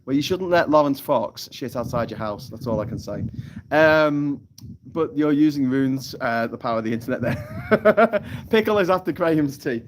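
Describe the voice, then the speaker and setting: A man's voice: mid-range voice, expressive, moderate pace, a little hiss or hum. A man hosting a live stream from outdoors, rambling, swearing and laughing as he reads out viewer comments. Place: hammock on an island lagoon, outdoors.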